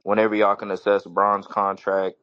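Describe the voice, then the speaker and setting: A man's voice: on the low side, monotone, normal speed, fairly bright tone, dry recording, dull audio. A man on a sports podcast giving his earnest take in a casual way, calling everyone bro.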